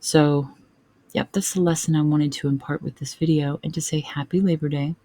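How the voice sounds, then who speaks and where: A man's voice: on the high side, fairly even intonation, moderate pace, dark tone. A man from northern Indiana giving an earnest, conversational vlog address to his family, with frequent filler phrases. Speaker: family vlogger. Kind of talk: casual heartfelt vlog address.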